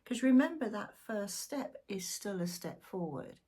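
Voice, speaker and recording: A woman's voice: medium pitch, lively intonation, unhurried, warm tone, breathy edge. A middle-aged woman doing a casual, exuberant weekly tarot reading, chatty and full of asides. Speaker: tarot reader. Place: home room, seated in a squeaky chair.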